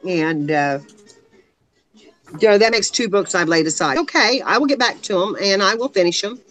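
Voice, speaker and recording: A woman's voice: mid-range voice, lively intonation, normal speed, a bit bright, soft background music, low-quality recording. A woman in casual chat on a live video call, rambling a little and laughing often. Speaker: guest on a craft live stream.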